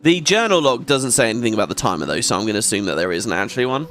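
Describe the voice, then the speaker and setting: Lively, excitable male let's play host; chatty gameplay commentary, faint game music behind. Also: medium pitch, very fast. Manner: chatty, excitable, swears often.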